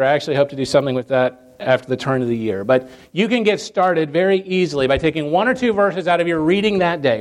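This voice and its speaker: Earnest male preacher, slightly high voice. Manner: earnest, emphatic lists and repetitions. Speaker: pastor. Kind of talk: sermon.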